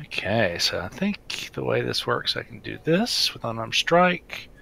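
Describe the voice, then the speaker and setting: Bright gravelly man playing a tabletop game. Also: mid-range voice, big pitch swings, a little slow, a little hiss or hum. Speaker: player. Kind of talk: casual tabletop game play.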